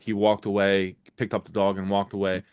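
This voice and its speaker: Quick, excited young man recapping TV. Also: lowish voice, clear, resonant tone. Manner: quick, enthusiastic, swears freely. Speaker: podcast co-host. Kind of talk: casual TV recap chat.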